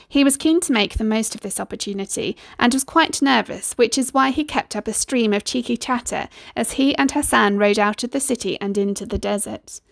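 A woman narrating a storybook in a steady, expressive reading voice. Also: a little high, fairly quick, creaky, few pauses, dry recording, studio quality.

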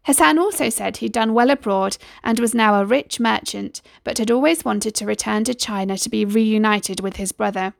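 A woman narrating a storybook in a steady, expressive reading voice. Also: mid-range voice, normal speed, creaky, hardly any pauses, no echo, studio quality.

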